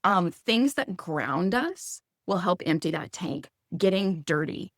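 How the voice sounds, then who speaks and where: Chatty thirties woman giving parenting tips, animated, pops into high voices for quotes, dry close sound. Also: takes it slowly, no room sound. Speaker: guest speaker. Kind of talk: casual conversational advice.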